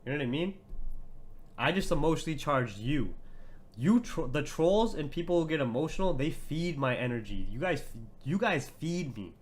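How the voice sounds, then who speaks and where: A brash young man hosts a live trading stream and talks to his chat in a mocking, profane way. His voice sits somewhat high for a man, and he laughs often between his lines. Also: expressive, moderate pace. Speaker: trading livestream host. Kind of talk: casual livestream chat.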